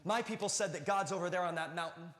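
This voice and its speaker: Weary blunt woman at a well in a man's voice, plainspoken, fed up, higher pitch, echoey hall. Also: fast talker, fairly bright tone. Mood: blunt, raw.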